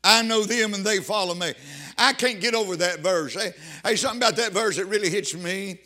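A man's voice: high voice, fairly quick. Fervent older preacher man. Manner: fervent preaching, rising to shouted praise. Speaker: pastor. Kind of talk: sermon.

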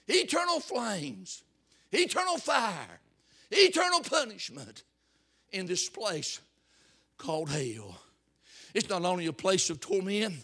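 A man preaching a fiery revival sermon, swinging from hushed tones to shouts and repeating words for emphasis. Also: high voice, breathy edge.

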